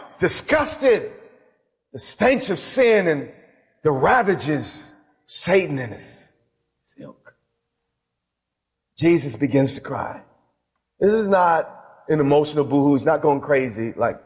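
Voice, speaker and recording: An impassioned man preaching a sermon, with a somewhat high voice. He swings between hushed lines and loud ones, and a long hall reverb trails his words. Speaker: bishop preaching.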